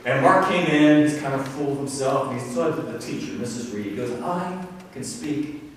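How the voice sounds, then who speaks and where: A man's voice: medium pitch, lively intonation, a little fast, slight background noise. A man preaching a sermon as pastor, chatty and self-deprecating, telling stories with quoted voices. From Ohio. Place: church sanctuary. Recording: reverberant church hall, mic at a distance.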